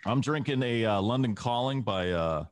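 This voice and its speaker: A man's voice: mid-range voice, lively intonation, moderate pace, slight background noise. A man co-hosting a casual podcast, rambling and laid-back with lots of uhs. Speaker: podcast co-host. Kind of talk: casual chat over beers.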